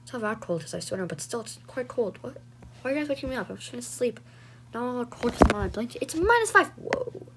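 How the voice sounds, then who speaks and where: A woman's voice: on the high side, quick pace. A woman telling a homemade role-play story, switching between voices of bickering siblings. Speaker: storyteller voicing all characters. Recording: loud background noise.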